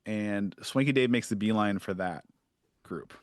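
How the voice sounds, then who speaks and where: A man's voice: fairly low pitch, unhurried, no room sound, studio quality. A man narrating a tabletop game as game master, casual and full of fillers and restarts.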